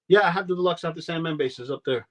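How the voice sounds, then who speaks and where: A man's voice: on the high side, very fast. A man with a New York accent chatting casually on a collectors' panel, explaining figures in detail with lots of "uh" and "um". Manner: explains in detail with many fillers. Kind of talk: casual chat.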